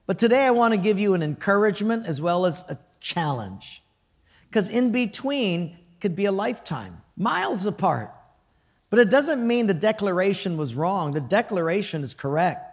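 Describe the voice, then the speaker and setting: A man's voice: high-pitched, sing-song, moderate pace. A male pastor preaching a conversational sermon, telling stories and asking the congregation questions. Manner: storytelling, conversational, asks the crowd questions; acts out quoted voices with laughter.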